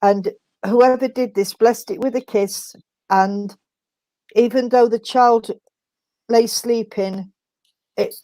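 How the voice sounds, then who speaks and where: Woman medium, middle-aged, mellow dark tone, dry close sound, soft hesitant delivery. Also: on the high side, steady tone, dry recording. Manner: halting and gentle, full of restarts, calls people sweetheart. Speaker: spiritualist medium. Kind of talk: mediumship reading in an online service.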